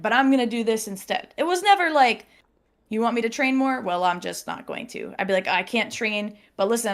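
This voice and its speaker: A woman telling a personal story in casual podcast chat, animated, laughing often and acting out what people said. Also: mid-range voice.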